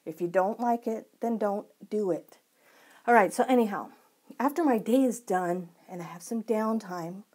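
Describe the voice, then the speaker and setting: A woman's voice: mid-range voice, darkish tone. A woman vlogger ranting emphatically and sarcastically to her viewers. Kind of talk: vlog rant.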